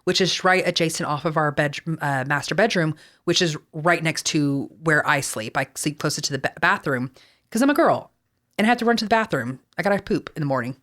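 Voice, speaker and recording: A chatty woman with a light Texan accent tells personal stories on a podcast, drifting into rambling asides. She swears freely, and her voice sits a bit low for a woman. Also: fairly quick, fairly bright tone. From Texas. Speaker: podcast co-host. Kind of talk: casual podcast storytelling.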